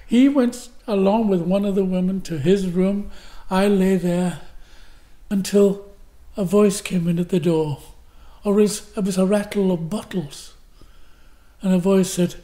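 An older man with a Glasgow accent, telling a story with theatrical flair. He acts out cries and quotes, tosses in rhetorical questions, and speaks with a mellow, soft-edged tone. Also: high-pitched, measured pace. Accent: Glaswegian. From Scotland. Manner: fillers and restarts, rhetorical questions. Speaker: actor, interview guest. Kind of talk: anecdotal storytelling in an interview.

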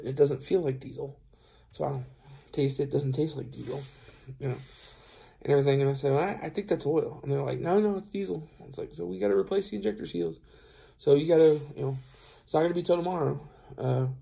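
A man's voice: on the high side, steady tone, fast, vocal fry, mellow. A tired man who drives trucks telling a rambling story to camera, acting out both sides of the conversation with plenty of fillers. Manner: rambling, retells dialogue, many fillers. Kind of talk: casual storytelling vlog.

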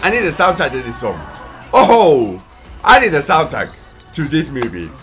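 Excitable London man, high lively voice. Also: moderate pace. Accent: London English. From London, England. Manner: excitable, bursts into whoops and shouts. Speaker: trailer reaction host. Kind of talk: casual live reaction. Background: trailer music playing faintly.

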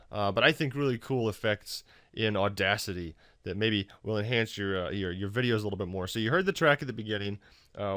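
A man narrating a casual software tutorial for his video channel, loose and full of fillers and restarts. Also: fairly low pitch, clear, resonant tone, no room sound, studio quality. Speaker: YouTube tutorial maker.

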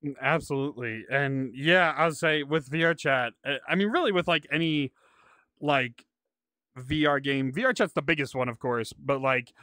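Bright, dry-voiced young male podcast host. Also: mid-range voice, normal speed, dry recording. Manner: easygoing, slang-filled, trailing off. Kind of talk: casual podcast conversation.

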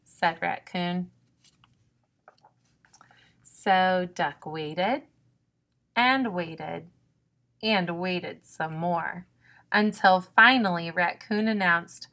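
A woman reading a children's picture book aloud as the narrator, in a gentle, clear storytelling manner. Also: on the low side, very slow, pauses often.

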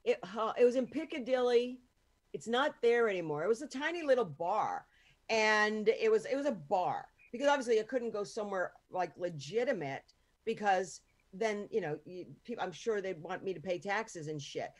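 A woman's voice: mid-range voice, expressive, normal speed. An American woman in her fifties hosting a podcast, chatting frankly with swearing and restarts. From United States. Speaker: podcast host. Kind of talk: casual podcast chat.

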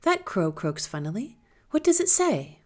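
A woman voicing a cunning young village girl in a high, hushed, breathy voice. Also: sing-song, normal speed. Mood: puzzled.

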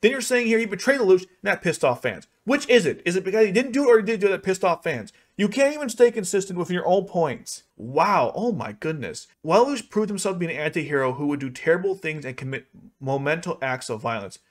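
A young man commenting on an article for his video channel, ranting in an exasperated, sarcastic way with sudden jumps in pitch. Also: animated, quick pace, hardly any pauses. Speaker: YouTube anime commentator. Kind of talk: reacting to and rebutting an article.

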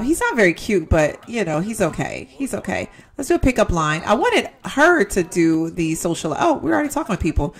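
A young woman chats through her gameplay, addressing her viewers directly and reacting out loud to each moment. Her pitch rises and falls a great deal, giving her talk a lively, animated swing. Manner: chatty, talks to viewers as "y'all", exclaims at the game. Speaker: gaming YouTuber. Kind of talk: casual let's-play commentary.

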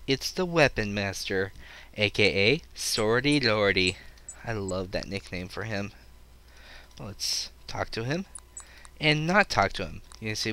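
A man's voice: fairly low pitch, pushed and bright. Chatty man commenting on a game. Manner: chatty, self-deprecating asides to viewers. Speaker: let's play commentator. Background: game music.

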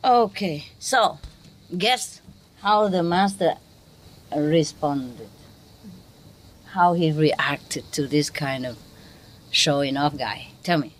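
A woman's voice: low-pitched, lively intonation, takes it slowly, long pauses, slight background noise. A woman with a Vietnamese accent giving a spiritual teaching talk to an audience, playful, laughing often and quizzing her listeners.

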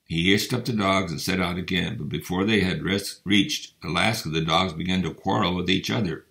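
Low, gravelly male storyteller. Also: moderate pace, fairly bright tone. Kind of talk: reading a children's story aloud.

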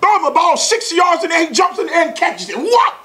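Speaking fast, with a sharp tone, big swings in pitch and a very high voice, a man in his forties delivers a motivational talk. He tells his audience a family story in a folksy, exclamatory style full of chuckles.

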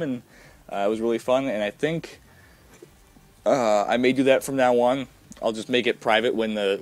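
A man's voice: mid-range voice, a little mellow, no echo. A young man giving casual, rambling commentary over a video game, full of fillers and restarts. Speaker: gameplay commentator.

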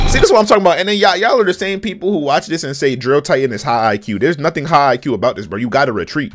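A young man with a fairly high voice talks through a reaction video in loose slang. His pitch leaps and drops all the time as he shouts at the action. Music plays clearly behind him. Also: racing, hardly any pauses. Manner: excitable, shouts and laughs at the screen, heavy slang. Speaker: reaction channel host. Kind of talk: casual reaction commentary.

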